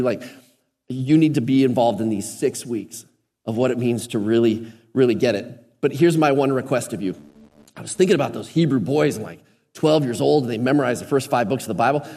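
A man's voice: medium pitch, darkish tone. A man preaching a sermon as a pastor, conversational and then emphatic and urging. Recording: long hall reverb.

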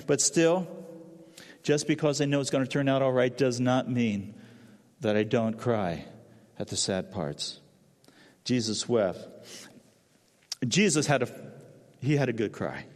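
A man preaching a sermon with feeling, dropping to a soft low voice at solemn moments. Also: long reverb tail. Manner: emotional, drops to soft low voice at solemn lines. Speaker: pastor.

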